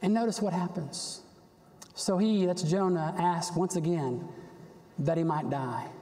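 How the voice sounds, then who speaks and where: A man preaching a sermon in a church, animated, acting out the prophet's complaints with a rising voice. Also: fairly high pitch, measured pace. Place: church sanctuary. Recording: long reverb of a church hall.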